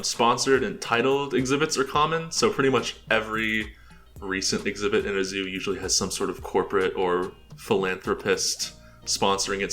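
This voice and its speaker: A man's voice: fairly low pitch, bright, forceful tone. An American man giving a casual, rambling walkthrough presentation, full of filler words and chuckles. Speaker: presenter showing his game build.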